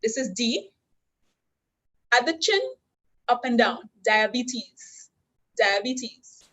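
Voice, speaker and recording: A woman with a Trinidadian accent, her voice sitting a little high. She walks listeners through simple hand signs, step by step, with patient, clear instruction. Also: very animated, takes it slowly, bright, forceful tone, poor audio. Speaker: sign language instructor. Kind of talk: teaching a class. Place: university orientation session.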